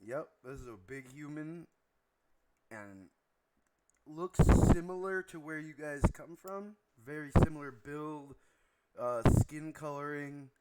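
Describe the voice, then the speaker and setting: Relaxed man narrating a tabletop game. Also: a little high, slow, very noisy. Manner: relaxed, descriptive, with frequent ums. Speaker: game master.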